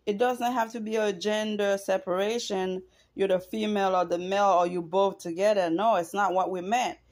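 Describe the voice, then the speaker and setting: A woman's voice: medium pitch, steady tone, normal speed, a little mellow. A middle-aged woman talking straight to camera in an emotional, earnest personal monologue, repeating herself for emphasis. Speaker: vlogger.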